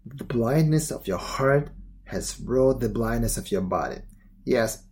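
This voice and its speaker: A man voicing a stern old dervish in a read-aloud storybook, speaking low and solemnly. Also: a little mellow.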